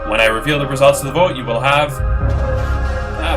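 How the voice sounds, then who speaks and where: A man hosting a homemade reality game show with a goofy, irreverent delivery and playful asides. His voice sits in an ordinary middle pitch. Music plays under him throughout. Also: moderate pace, long pauses. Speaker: host.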